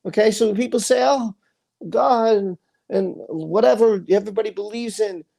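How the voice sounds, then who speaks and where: An angry man rants on his livestream, emphatic and repetitive, frequently stumbling over his words. His voice sits high, with a creaky, mellow quality.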